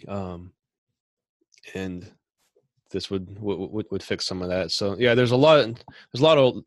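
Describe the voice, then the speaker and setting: A middle-aged man who runs a machine shop, talking casually on a podcast in a rambling way with frequent restarts and throat clearing. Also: on the low side, measured pace, dry recording.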